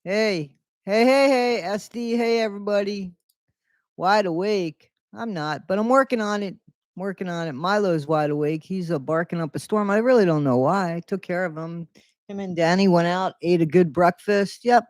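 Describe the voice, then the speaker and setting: A man's voice: high voice, moderate pace, dry recording, studio quality. A man hosting a casual morning livestream, greeting viewers by name in a loose, rambling way. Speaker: livestream host.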